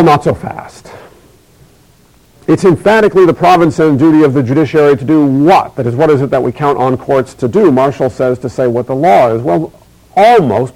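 Man, middle-aged, university lecture, emphatic, deliberate, gravelly voice, mid pitch. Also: a little mellow, rough recording. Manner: measured, emphatic, repeats key phrases slowly. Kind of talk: recorded academic lecture.

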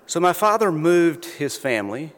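A man with a Southern North Carolina accent, telling humorous stories in a slow, drawling talk. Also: a little high, very animated, fairly bright tone. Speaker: invited speaker. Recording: long reverb of a lecture hall.

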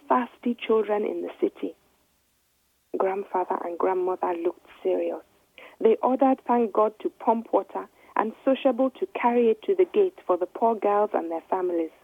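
Husky woman reading a children's story. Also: medium pitch, dry recording. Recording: dry, tinny phone-like line.

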